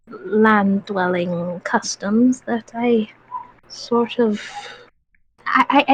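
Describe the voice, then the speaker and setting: Woman role-playing her mermaid, slow and hesitant, higher voice, bit of hiss behind. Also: poor audio. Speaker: player. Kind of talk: in-character role-play as a mermaid.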